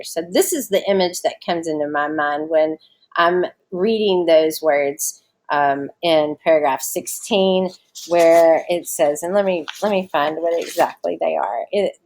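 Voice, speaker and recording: A woman's voice: low-pitched, a little mellow. Casual woman teacher explaining a story. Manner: casual, chatty explaining with fillers. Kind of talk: recorded online lesson.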